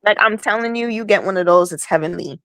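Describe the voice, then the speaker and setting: A woman's voice: mid-range voice, fast talker, a bit bright, dry recording. Teasing woman co-host, dry close sound. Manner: teasing, wry, prodding questions. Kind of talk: casual chat.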